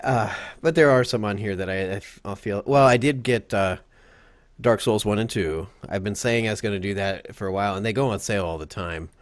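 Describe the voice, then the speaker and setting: A man hosting a casual gaming podcast who rambles, laughs often and gets animated when he quotes himself. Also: fairly low pitch, fairly quick, no room sound. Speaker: podcast host.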